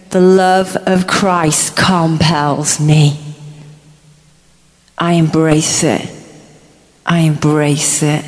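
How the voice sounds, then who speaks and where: A woman preaching a charismatic sermon, impassioned, moving between hushed murmurs and roaring shouts. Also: sits low. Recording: echoey hall reverb.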